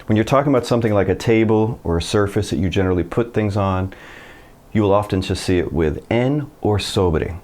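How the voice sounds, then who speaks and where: A man teaching a casual Spanish lesson, chatty and relaxed, slowing down for example sentences. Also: fairly low pitch. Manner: relaxed, chatty explaining with slow model sentences.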